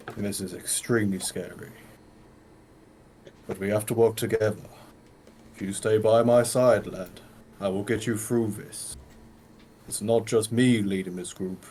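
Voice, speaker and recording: A man voicing a pious male cleric who speaks slowly and solemnly to comfort someone. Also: on the low side, a little mellow, slight background noise, natural voice. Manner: slow, solemn, coaxing.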